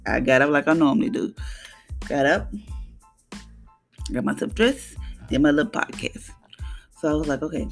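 Casting: gravelly-voiced woman, earnest podcast preacher, faint music underneath. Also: deep voice. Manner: earnest, preachy, tells personal stories with quoted dialogue. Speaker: podcast host. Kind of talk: casual devotional talk.

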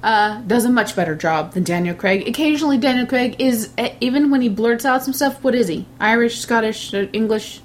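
A woman's voice: fairly high pitch, a little fast, hardly any pauses, slight background noise. A woman co-hosting a casual movie review chat, talking freely and laughing often. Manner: chatty, laughs often, animated when amused. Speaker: movie review podcast co-host.

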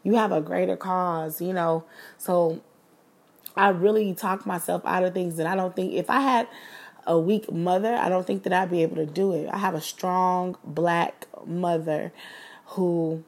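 A woman's voice: fairly low pitch, steady tone, measured pace. A woman in her thirties hosting a podcast, speaking in an earnest, emotional personal monologue full of fillers. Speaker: podcast host.

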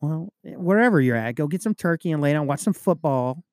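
A man, a police officer and podcast co-host, chatting casually with profane, animated storytelling. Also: on the high side, a little fast, dry recording, clean studio sound.

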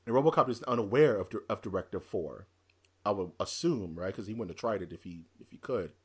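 A man hosting a casual film review chat, rambling through scene retellings with excitement. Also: lowish voice, fairly quick, slightly rough.

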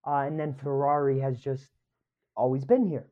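A man's voice: mid-range voice, little pitch movement, moderate pace, highs cut off. A man co-hosting a casual sports podcast, thinking aloud and hesitant as he weighs his answers. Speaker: co-host.

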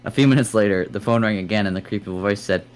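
A man with a low voice reads a silly horror story aloud on a casual comedy podcast. He keeps it jokey, adds swearing and laughs at his own lines as he goes. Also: quick pace. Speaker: podcast co-host. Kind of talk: reading a scary story aloud, casual chat.

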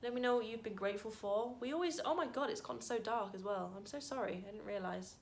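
A woman talking casually to her camera in a heartfelt vlog, thanking viewers and reflecting softly with sudden bright bursts. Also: fairly high pitch, fast. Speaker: vlogger.

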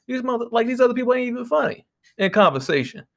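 A man's voice: extremely high pitch, lively intonation, quick pace, gravelly, a bit bright. A man hosting a podcast, ranting casually in a profane, exasperated way, close to the microphone. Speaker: podcast host.

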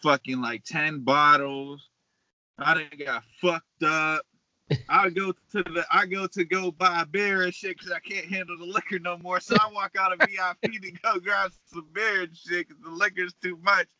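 A man from Pittsburgh, a hip-hop artist guest, telling animated, profane stories in a casual podcast chat and laughing often. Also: high voice, normal speed, no echo. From Pittsburgh, Pennsylvania. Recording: dull, dry lo-fi recording.

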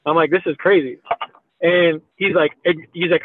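A man's voice: on the high side, fairly even intonation, moderate pace, a little hiss or hum. Tinny-sounding man in his thirties. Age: 30s. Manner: rambling, profane, full of "like" and "you know". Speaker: meme creator guest. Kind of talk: casual storytelling in a podcast chat. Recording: tinny phone-like audio.

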